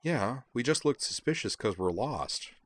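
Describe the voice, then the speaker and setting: A man reading a hushed, urgent young woman. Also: medium pitch, expressive, measured pace, pitched above the performer's own voice.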